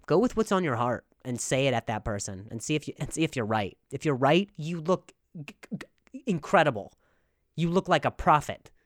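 Animated, stammering comic man. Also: medium pitch, dry recording, studio quality. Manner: animated, stammering, mock-serious rants. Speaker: podcast host. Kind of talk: comedic monologue.

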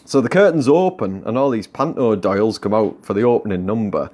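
A man's voice: on the low side, brisk, darkish tone. A man hosting a podcast, telling a comic story and laughing often. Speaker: podcast host.

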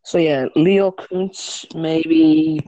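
A man's voice: on the high side, steady tone, drawn-out words, mellow, no room sound, muffled recording. A man co-hosting a casual podcast, talking fight sports, swearing and laughing often. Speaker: podcast co-host. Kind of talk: casual chat.

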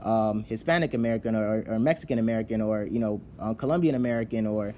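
A man's voice: on the low side, fast, warm tone, slight background noise. A man from Nigeria giving a casual explanatory talk, often checking in with "right?" and restarting his sentences. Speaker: speaker on immigrant identity.

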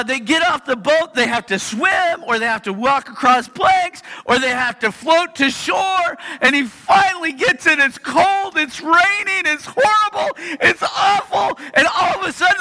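A man in his forties delivers an animated sermon in a church, his very high voice bright and gravelly. He acts out the story with sudden shouts, and a long hall reverb trails every line. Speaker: pastor. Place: church sanctuary.

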